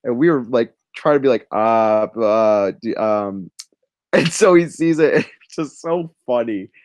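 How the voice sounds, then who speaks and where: A young man co-hosting a livestream tells a rambling story while drawing, his fairly high voice a little mellow and at normal speed. It's casual storytelling, and he often cuts himself off and laughs.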